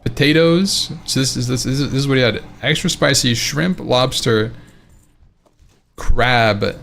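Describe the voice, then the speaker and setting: A man streaming a game late at night, telling a story in a casual, animated, profane ranting way and laughing along. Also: medium pitch, unhurried, vocal fry, slight background noise.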